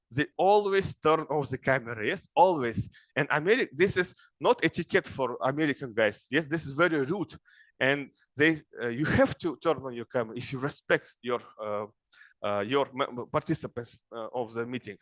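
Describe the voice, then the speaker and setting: A middle-aged man from Kazakhstan, giving an informal lecture in broken English to young people and often checking in with a quick "yes?". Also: mid-range voice, expressive, fairly bright tone, no echo. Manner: broken English, frequent "yes?" tag questions. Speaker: speaker advising young people.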